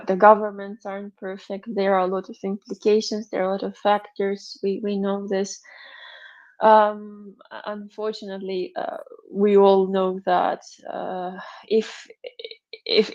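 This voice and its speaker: A woman hosts a live audio room, her speech emotional and rambling, full of fillers and small laughs. Her voice sits at a middle pitch. The audio is muffled and lo-fi. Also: darkish tone. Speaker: host.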